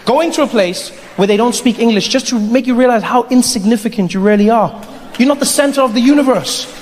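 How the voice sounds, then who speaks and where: A man's voice: very high-pitched, a little fast, darkish tone, a little hiss or hum. A male stand-up comedian telling wry, conversational stories to a live audience. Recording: live club hall with audience. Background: audience laughter.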